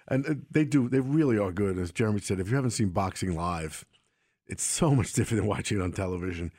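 A man's voice: on the low side, fast, no room sound, studio quality. A man co-hosting a sports radio show, chatting casually and telling stories with animation. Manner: animated storyteller.

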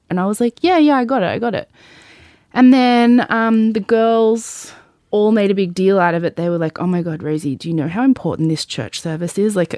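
Woman host spilling a story, lowish voice, lots of "like", swears a bit, dry close sound. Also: a little mellow, no echo. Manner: chatty, peppered with "like" and swearing. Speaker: podcast host. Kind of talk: personal storytelling in casual chat.

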